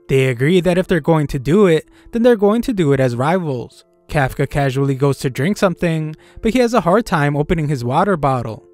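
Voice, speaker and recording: A man narrating an anime recap in a steady, matter-of-fact scripted storytelling manner. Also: fairly high pitch, no echo. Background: faint background music.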